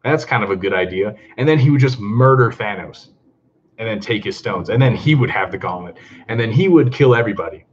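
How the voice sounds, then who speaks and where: A man chatting casually on a live stream, excitable and talkative, greeting viewers and laughing often. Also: fairly low pitch, brisk, lo-fi sound, a little hiss or hum. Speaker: comic book vlogger hosting a live stream.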